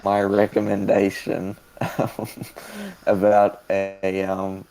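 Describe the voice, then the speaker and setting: An Australian man co-hosting a casual film podcast, talking in a relaxed, halting way with pauses and fillers. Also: low voice, vocal fry, faint music behind, rough recording. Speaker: podcast co-host.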